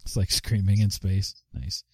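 A man hosting a live podcast in a loose, rambling chat, full of fillers and quick laughs. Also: sits low, no echo, clean studio sound. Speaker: podcast host. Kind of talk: casual live show chat.

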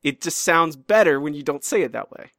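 A man's voice: a little high, animated, a little fast, creaky, fairly bright tone, no room sound, studio quality. A man co-hosting a podcast, chatting casually and teasingly about comics, often trailing off and restarting his sentences. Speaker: podcast co-host. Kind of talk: casual chat reviewing comics.

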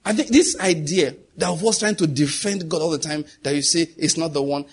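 Husky-voiced man preaching. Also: fairly high pitch, fairly quick, hardly any pauses. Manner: emphatic, conversational preaching with rhetorical questions. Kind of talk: sermon.

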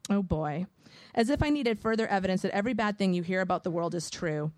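A woman's voice: medium pitch, fast, darkish tone, dry recording. Woman narrating a wry first-person audiobook.

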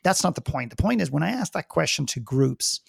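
A man's voice: fairly high pitch, sing-song, a little fast, creaky, husky, no room sound, studio quality. A man speaking as a guest in a podcast interview, earnest and emphatic, often repeating phrases for stress.

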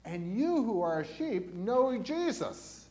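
A man's voice: high voice, sing-song, slow pace, a little mellow. A man pastor giving a catechism lesson in a church to children and adults, asking them questions as he goes. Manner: asks the children questions as he teaches.

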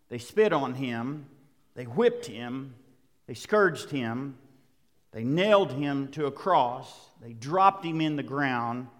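A pastor delivers a sermon in a measured, deliberate cadence, his voice sitting a little higher than most men's. He leans on dramatic pauses and lets his intensity build line by line. His words ring out with a long reverb, as if spoken in a large church sanctuary. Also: fairly bright tone. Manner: emphatic preaching with dramatic pauses and rising intensity.

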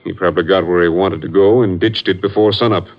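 A man's voice: low-pitched, steady tone, quick pace. A man playing a grave, matter-of-fact ranger captain in 1950s radio drama acting. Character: grim middle-aged male ranger captain. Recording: muffled old radio broadcast.

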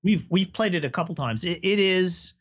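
A man's voice: high-pitched, animated, normal speed, a bit bright, slightly rough, highs cut off. A man hosting a casual chat, telling stories enthusiastically and explaining at length. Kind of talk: casual chat about tabletop games.

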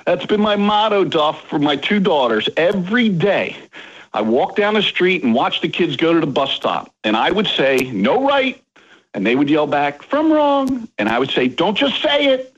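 A man in his forties, a dive bar owner and guest, telling stories in casual podcast chat, animated and acting out his kids. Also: fairly high pitch, normal speed, dull audio.

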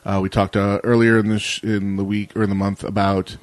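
A man with a lowish voice hosts a casual tech news show. He rambles wryly through stories and tosses in jokey asides. The sound is dry and close. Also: flat delivery, brisk, dry recording. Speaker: podcast co-host.

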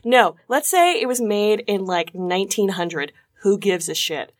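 A woman co-hosting a podcast in relaxed chat, tripping over her words, cursing and laughing while drinking wine. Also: medium pitch, unhurried. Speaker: podcast co-host. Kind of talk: casual chat, bloopers.

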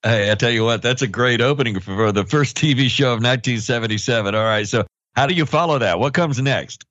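A man hosting a casual chat, prompting his guest in a relaxed way. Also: mid-range voice, a little fast, no echo. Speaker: podcast host. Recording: dry, muffled lo-fi audio.

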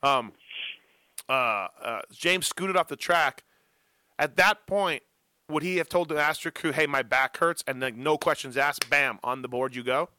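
A middle-aged man hosting a casual motocross chat, telling animated self-mocking stories. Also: fairly high pitch, measured pace, dry recording. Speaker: podcast host.

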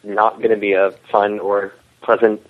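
A man's voice: lowish voice, level tone, normal speed. A man co-creator of a web series, explaining the production as a podcast guest, with restarts and chuckles. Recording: tinny phone line.

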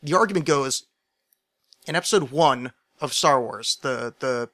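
A man on a casual podcast, rambling excitedly and swearing freely as he explains a fan theory. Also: medium pitch, measured pace. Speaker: podcast co-host or guest.

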